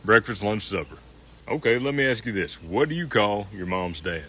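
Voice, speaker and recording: A man's voice: lowish voice, expressive, normal speed, bright, forceful tone, a little hiss or hum. A man with a Southern US accent teasing and arguing good-naturedly in a casual couple video. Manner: teasing, folksy, stubborn.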